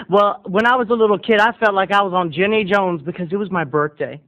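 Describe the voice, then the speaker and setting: A man's voice: sits high, expressive, moderate pace, hardly any pauses, narrow, tinny audio. A man telling a comic childhood story as a video blogger, with theatrical, exaggerated delivery.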